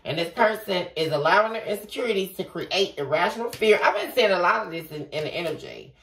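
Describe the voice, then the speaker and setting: A woman giving a casual tarot reading, talking straight to the viewer in an animated way and swearing freely. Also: lowish voice, quick pace. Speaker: tarot reader. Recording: echoey room from far off, faint noise.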